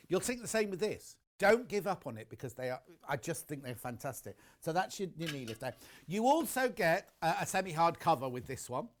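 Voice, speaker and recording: A man's voice: a little high, sing-song, brisk. A man presenting a live television shopping demonstration in a TV studio, chatty and enthusiastic, talking straight to viewers.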